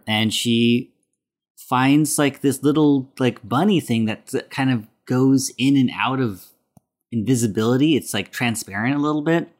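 A man hosting a casual podcast, recapping a film plot in a rambling way with many fillers. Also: lowish voice. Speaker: podcast host.

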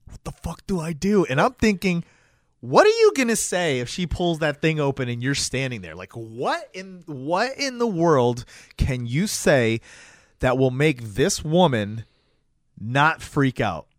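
A man co-hosting a podcast, recapping a TV show in casual chat, rambling with restarts and chiming in with quick agreement. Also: fairly high pitch, very animated, no echo, clean studio sound. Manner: conversational, rambling restarts, frequent agreeing interjections. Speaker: podcast co-host.

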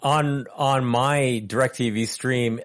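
Relaxed male podcast guest. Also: mid-range voice, very slow. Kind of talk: casual chat.

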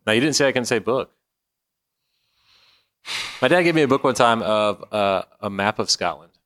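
Man, podcast host, casual, meandering, jokey, low smooth voice. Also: expressive, moderate pace, fairly bright tone, dry recording. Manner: rambling and joking, laughs often. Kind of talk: casual chat.

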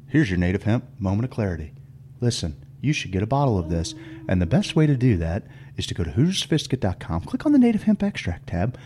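A man from Indiana co-hosting a casual morning show, sounding lively and animated. He rambles through banter and then reads sponsor ads. There is a faint hiss behind his voice. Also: medium pitch. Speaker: co-host.

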